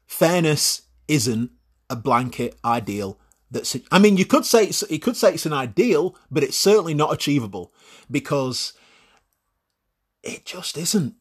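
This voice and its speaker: A man talks through his opinions alone in a husky, slightly breathy voice. He is blunt and swears freely. He often restarts and repeats words while he works through a point. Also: a little high, very animated, measured pace. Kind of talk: opinionated solo monologue.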